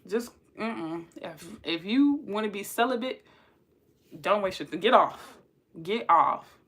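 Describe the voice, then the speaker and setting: A woman's voice: mid-range voice, expressive, slow, fairly bright tone. A young woman with a son, telling a dating story in casual slang and laughing often.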